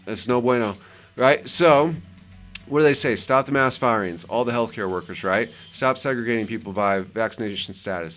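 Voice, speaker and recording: A man hosting his channel, chatting casually while scrolling through web pages, rambling and repeating words for emphasis. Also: mid-range voice. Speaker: channel host. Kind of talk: casual screen-share commentary.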